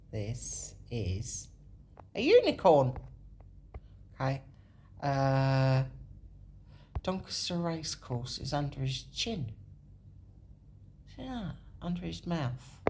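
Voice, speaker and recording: A woman with a low voice that swings widely in pitch talks slowly. She thinks out loud, catches and corrects her own words, and slips into whispers now and then. There is a faint hiss behind her. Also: sing-song. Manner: thinks aloud, corrects herself, drops into whispers. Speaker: video host. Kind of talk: rambling walkthrough on a map.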